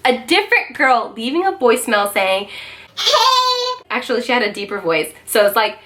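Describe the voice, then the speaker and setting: Animated woman telling a vlog story. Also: a little high, a little fast. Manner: animated, emphatic, frequent fillers and swearing. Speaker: vlogger.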